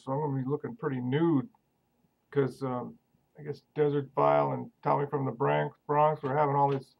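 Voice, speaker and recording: A man rambles through a casual video message in a folksy, deadpan way. His voice is gravelly with plenty of fry and sits slightly high. The audio is dull and lo-fi. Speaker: viewer sending a video question.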